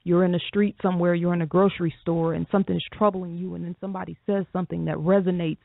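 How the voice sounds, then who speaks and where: Gravelly woman, reflective radio co-host. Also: lowish voice, level tone, dry recording. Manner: reflective, measured, frequent ums. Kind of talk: call-in radio talk. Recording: dry tinny phone line.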